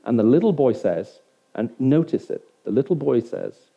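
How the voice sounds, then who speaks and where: A man gives a sermon in a conversational, check-in-with-the-room manner. His voice is deep-toned and very mellow. The recording is muffled and lo-fi. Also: animated, normal speed, vocal fry, breathy edge. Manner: conversational, keeps checking in with the audience. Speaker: preacher. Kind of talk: sermon to a live audience. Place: hall with an audience of about a hundred. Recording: dull lo-fi recording.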